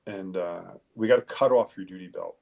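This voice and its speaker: A middle-aged man from Long Island, New York, a detective recounting what happened to him. He talks with a low, gravelly voice that falls into fry. He stops and restarts often and swears freely. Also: darkish tone. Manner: halting, profane, with many fillers and restarts. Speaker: guest, police detective. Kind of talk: casual interview storytelling.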